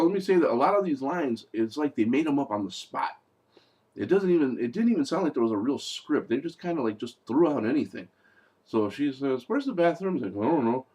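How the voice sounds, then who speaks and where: Animated man mocking movies. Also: mid-range voice. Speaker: movie reviewer. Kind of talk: casual video review.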